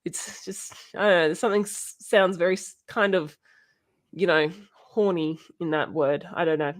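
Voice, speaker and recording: A woman hosting a casual educational chat, halting often with ums and restarts and laughing now and then. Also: lowish voice, fairly even intonation. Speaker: podcast host.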